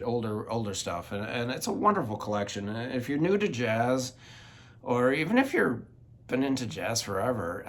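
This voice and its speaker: A man hosting his own record channel, chatting casually and enthusiastically about new finds, rambling with frequent restarts and fillers. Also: mid-range voice. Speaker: vinyl collector channel host. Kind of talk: casual record-haul chat.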